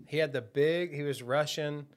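A man's voice: on the high side, normal speed. A man co-hosting a podcast, telling jokey stories in casual chat and chuckling often. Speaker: podcast co-host.

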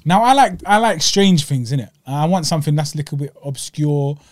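Young dude on a podcast, slangy and animated, dry close sound. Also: male voice, a little high, fairly quick, dry recording. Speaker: podcast co-host. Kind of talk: casual storytelling chat.

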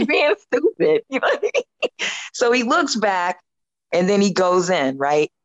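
Lively, laughing woman telling a story. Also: mid-range voice, takes it slowly, no room sound, poor audio. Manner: animated, laughs often, acts out her own quoted lines. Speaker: podcast guest. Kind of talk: casual storytelling chat.

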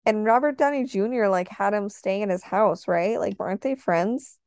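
A young woman co-hosting a casual chat podcast, chatty and quick to laugh as she acts out old stories. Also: mid-range voice, a little mellow, no echo. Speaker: podcast co-host.

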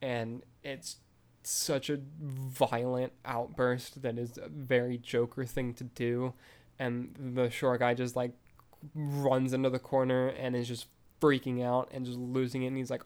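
A man's voice: mid-range voice, little pitch movement, unhurried, darkish tone. A man hosting a film review podcast, retelling a scene in a casual, rambling way full of fillers.

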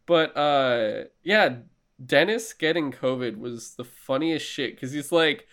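A man chatting casually, eager and quick to laugh, with casual swearing. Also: medium pitch, lively intonation, a bit bright, clear, resonant tone. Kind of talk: casual chat.

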